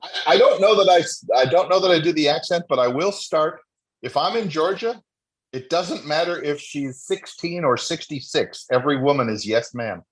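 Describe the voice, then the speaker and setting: A man's voice: fairly high pitch, animated, moderate pace. A middle-aged man co-hosting a podcast, chatting casually and repeating words like "interesting.". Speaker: podcast co-host. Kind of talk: casual chat.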